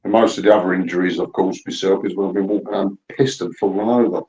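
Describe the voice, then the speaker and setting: A man's voice: low-pitched, steady tone, fast, a little mellow, dull audio. A man telling a rowdy story in casual chat, blunt and full of swearing. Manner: blunt, profane, laddish storyteller.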